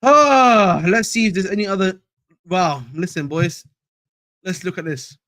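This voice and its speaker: A man's voice: high-pitched, normal speed, no echo. A young man hosting a casual fan live stream, slangy and repetitive, calling viewers bro. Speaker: fan channel host.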